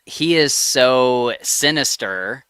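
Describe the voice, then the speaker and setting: A man hosting a podcast in casual chat, speaking in a slow, thoughtful way. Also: mid-range voice, expressive, pushed and bright, smooth, dry recording. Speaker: podcast host.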